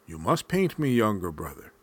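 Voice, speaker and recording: A man's voice: fairly low pitch, big pitch swings, moderate pace. A man voicing a big, gullible male grizzly bear in a spoken folk tale, eager and naive. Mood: insistent.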